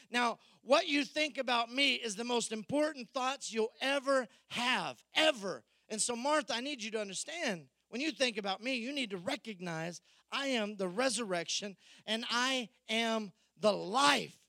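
A man preaching a sermon, animated and acting out the people in the story with quoted voices. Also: extremely high pitch, measured pace, vocal fry, dry recording. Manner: animated, acts out Bible figures in quoted voices. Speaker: pastor.

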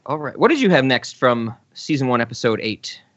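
A man co-hosting a podcast, chatting casually about comedy sketches, laughing often and letting his words trail off softly. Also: mid-range voice, big pitch swings, fairly quick, dry recording, lo-fi sound. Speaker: podcast co-host. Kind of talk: casual chat reviewing sketches.

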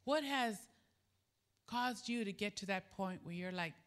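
A middle-aged woman preaching a sermon, telling a personal story and acting out the dialogue in an animated way. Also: unhurried. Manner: animated, acts out quoted dialogue with jumps in pitch. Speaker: preacher at a women's gathering.

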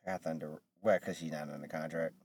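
A man co-hosting a casual wrestling podcast, telling stories in an animated way and acting out what people said. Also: a bass voice, quick pace, no room sound, clean studio sound. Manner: animated storyteller, acts out quotes. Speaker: podcast co-host.

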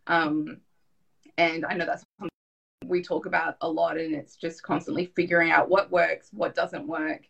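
A woman's voice: deep voice, flat delivery, moderate pace, creaky, a bit bright, husky. A woman hosting an online parenting event, chatting supportively and thoughtfully with her guest. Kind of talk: casual interview chat.

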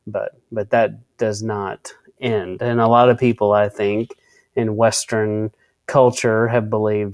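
A man's voice: lowish voice, level tone, slow pace, darkish tone, no room sound. A man co-hosting a casual Bible-study discussion, often restarting his sentences and reading out word definitions. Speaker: co-host of a faith discussion.

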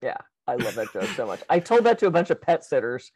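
A woman who runs communication workshops, chatting casually and telling jokes with animated voices. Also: very deep voice, quick pace, husky, dry recording, rough recording. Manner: animated storyteller, jokey. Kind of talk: casual chat.

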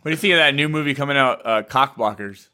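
A man in casual podcast chat, lively and jokey. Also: mid-range voice, quick pace.

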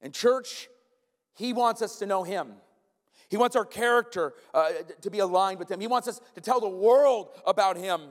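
A man preaching a sermon in a church, animated and emphatic, often turning to the congregation with asides. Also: high-pitched, moderate pace. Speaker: pastor. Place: church sanctuary. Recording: long church-hall reverb.

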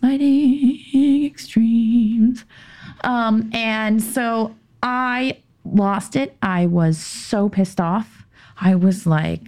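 A woman on a podcast as a guest narrates a personal story in conversation, stopping, restarting and pausing as she goes. When she gets heated she drops to a tense whisper, and her voice is on the high side with a darkish tone.

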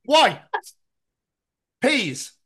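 A man's voice: extremely high pitch, wildly swooping pitch, very slow, a bit bright. A man co-hosting a podcast in casual chat, playful and teasing, often slipping into mock-posh voices. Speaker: podcast co-host.

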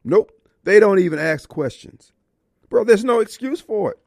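A man's voice: high voice, animated, normal speed, gravelly, darkish tone, no echo, clean studio sound. A man hosting a talk radio show, delivering a fired-up political monologue and live ad reads. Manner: impassioned, preachy, colloquial, shifts into live ad reads. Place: radio studio. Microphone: studio microphone.

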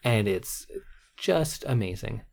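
A man's voice: fairly low pitch, expressive, takes it slowly, gravelly, darkish tone. Wry, rambling Canadian podcast guy. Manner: wry, self-deprecating, rambling. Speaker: podcast co-host. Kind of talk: casual podcast chat.

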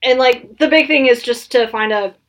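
A woman's voice: fairly high pitch, moderate pace. A woman co-hosting a podcast, chatting casually and animatedly, laughing often and trailing off mid-thought. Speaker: podcast co-host. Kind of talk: casual chat.

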